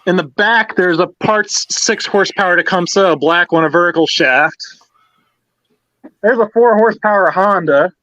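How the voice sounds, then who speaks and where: A man's voice: high voice, moderate pace, sharp tone, dry recording. A man hosting a casual live stream from his home garage, methodically going through his engines one by one. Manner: methodical, steadily lists parts. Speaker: host showing his small-engine collection. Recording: dull, dry lo-fi sound.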